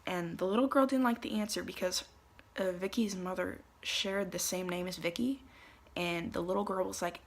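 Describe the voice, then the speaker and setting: Chatty young woman with a gravelly edge. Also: lowish voice, moderate pace. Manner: chatty, animated retelling with lots of fillers. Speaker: vlogger. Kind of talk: casual storytelling to camera. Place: travel spots in Italy, some clips outdoors.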